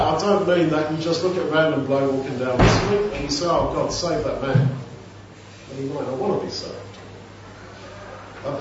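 A man delivers a sermon in a chatty, conversational style, slipping into quick acted-out dialogues. His voice sits a little high. He is recorded from a distance in a booming, echoey hall, with a dull tone and a faint background hum. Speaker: preacher. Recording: echoey room, distant mic, dull sound.

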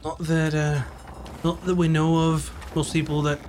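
A man's voice: a little high, flat delivery, normal speed, a little mellow, a little hiss or hum. Laid-back male game master. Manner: loose, joking, conversational. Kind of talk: narrating a tabletop game and voicing characters.

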